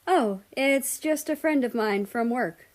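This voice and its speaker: A woman reading aloud voices a playful young man who teases the people around him. He talks in a light, upbeat way, a touch higher than the storyteller's own voice. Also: a little slow, lightly acted.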